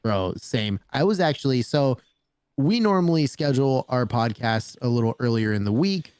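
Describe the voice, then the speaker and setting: A man's voice: medium pitch, moderate pace, smooth. A man co-hosting a casual podcast, telling stories with lots of swearing and "bro". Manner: animated storyteller, swears freely, says "bro" a lot. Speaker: podcast co-host. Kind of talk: casual chat.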